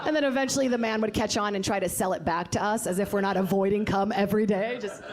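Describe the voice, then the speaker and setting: A woman's voice: medium pitch, quick pace. A woman doing a stand-up comedy set, crude and playful, with some crowd work.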